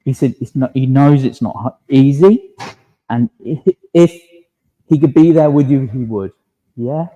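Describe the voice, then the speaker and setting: A man working as a medium in a church service, gently relaying spirit messages and checking in with a questioning "yeah?" after nearly every phrase. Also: medium pitch, measured pace, lo-fi sound. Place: village hall.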